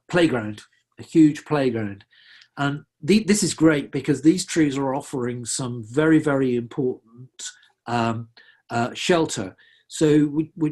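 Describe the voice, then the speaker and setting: Husky-voiced naturalist giving a talk. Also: male voice, mid-range voice, darkish tone. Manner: conversational, earnest, frequent restarts and fillers. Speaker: wildlife conservationist giving a talk. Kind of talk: illustrated public presentation.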